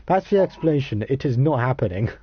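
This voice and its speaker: A man's voice: mid-range voice, lively intonation, fast talker, a little hiss or hum, close to an everyday voice. A man reading the lines of a stranded woman diver arguing with an alien, with exasperated emphasis. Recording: muffled lo-fi audio.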